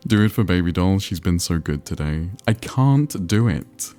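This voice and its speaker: This man's voice sits low and warm, moving at a moderate pace with lively intonation while soft music plays. During a geography game livestream, he chats casually with viewers, answering their messages in a rambling, self-deprecating way.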